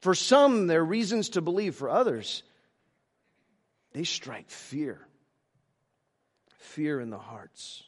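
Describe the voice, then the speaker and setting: A male pastor preaching a sermon, halting with many restarts, moving between emphatic lines and hushed ones. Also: fairly high pitch, expressive, slightly rough.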